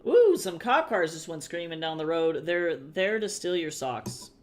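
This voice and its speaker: A man from the US with a high-pitched voice chats loosely with his stream viewers. He reacts to chat and swears freely. Keyboard typing is heard behind him. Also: sing-song, unhurried. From United States. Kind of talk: casual livestream chat with viewers.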